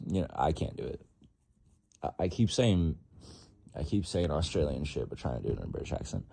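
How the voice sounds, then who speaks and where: A man's voice: very deep voice, expressive, fairly quick, gravelly, pauses often, mellow, husky, no echo. A young man giving casual, rambling, profane fight predictions in a vlog. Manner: rambling, profane, lots of fillers.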